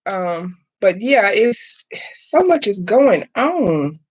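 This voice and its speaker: A middle-aged woman with a mid-range, somewhat mellow, sing-song voice speaks very slowly, with slight background noise. She hosts a craft channel's live stream, chatting as she works, greeting chat by name and calling everyone "y'all."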